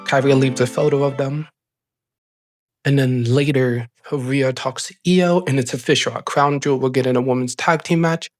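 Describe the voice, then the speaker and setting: A man hosting a casual recap show, talking in an excited, rambling way full of "like" fillers. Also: medium pitch, normal speed, no room sound, faint music behind. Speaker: show host. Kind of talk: casual wrestling episode recap.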